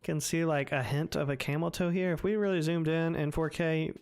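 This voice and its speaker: A man's voice: on the high side, steady tone, a little fast, a little mellow, clean tone. A man streaming a game live, chatting loosely and rambling, swearing freely. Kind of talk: casual live-stream chat.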